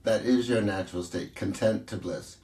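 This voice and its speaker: A man speaking as a coach in a casual interview, telling stories in an animated way and laughing easily. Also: lowish voice, moderate pace, echoey room, distant mic.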